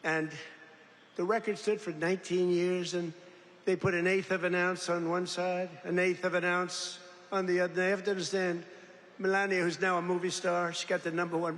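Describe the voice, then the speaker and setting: An older man speaks off the cuff at a political rally, his rather high voice rambling between boasts and mocking jabs. His voice carries a long reverb from the big venue, with a faint hum of background noise behind it. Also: a bit bright.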